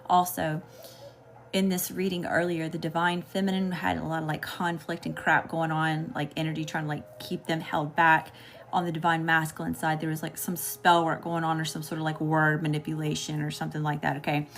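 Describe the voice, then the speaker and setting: A woman's voice: sits low, completely flat delivery, brisk, fairly bright tone, a little hiss or hum. A woman with a Southern US accent giving a live tarot reading, casual and chatty, often checking in with her viewers. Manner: casual, keeps checking in with "okay?" and greeting chat. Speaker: tarot reader.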